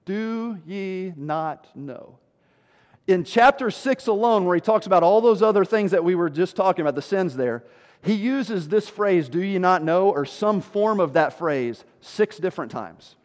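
A male pastor preaching a sermon with emphasis, dropping low and slow for scripture and rising loud to stress a point. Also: lively intonation, in a large hall.

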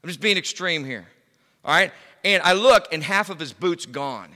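A middle-aged man preaching a sermon as pastor, emphatic, swinging from loud to hushed. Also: on the high side, lively intonation, moderate pace, big-room sound. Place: church.

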